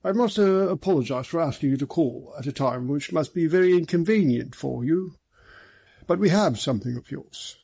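A man's voice: fairly high pitch, lively intonation, creaky, dark tone, slightly rough, pitched above the performer's own voice, heavily acted. A man voicing a hearty, jovial police superintendent in an audiobook reading. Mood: apologetic. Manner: brisk, easy, jovial.

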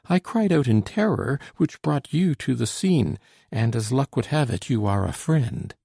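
A man voicing a frightened, quick-witted young woman who pleads politely with soldiers, in a trembling manner. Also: medium pitch, animated, gravelly, dark tone, husky, no room sound, studio quality, voice pushed up, heavily acted. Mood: pleading.

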